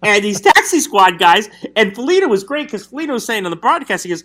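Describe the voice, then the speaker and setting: A man, a hockey reporter, telling an animated story in casual chat. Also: high voice, fast, hardly any pauses.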